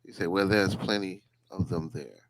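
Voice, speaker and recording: A man's voice: low voice, fairly even intonation, normal speed, noisy background. A man hosting a casual livestream podcast, greeting viewers and rambling loosely with repeated phrases. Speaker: podcast host.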